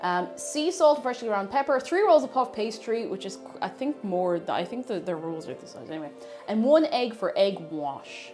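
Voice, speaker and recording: A woman's voice: mid-range voice, lively intonation, normal speed, a little mellow, faint music behind. A woman with an Irish accent, chatty and self-mocking, thinking aloud as she cooks on a stream in her home kitchen. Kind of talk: casual cooking stream chat.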